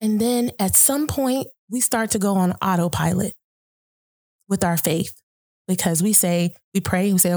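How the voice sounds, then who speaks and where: A woman's voice: mid-range voice, a little slow, warm tone, no echo, clean studio sound. A woman hosting a podcast, talking earnestly and reflectively about faith and often breaking into laughter. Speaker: podcast host. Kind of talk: casual conversation about faith.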